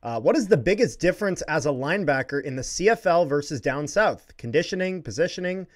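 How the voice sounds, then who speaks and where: A man's voice: a little high, expressive, a little fast. A man hosting a podcast, giving short reactions and reading fan questions. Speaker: podcast host. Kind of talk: casual interview.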